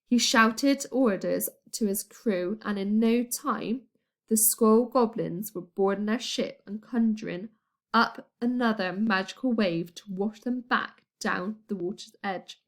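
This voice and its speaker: A woman narrating a children's storybook with playful expression. She reads at a slow, easy pace in a mid-range voice. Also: mid-range voice. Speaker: audiobook reader.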